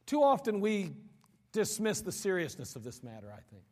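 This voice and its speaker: Male preacher, high-pitched, dramatic sermon delivery with repeated words, long reverberant hall. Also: wildly swooping pitch, moderate pace. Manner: dramatic preaching, sudden drops to low quiet lines; repeats words when building a point.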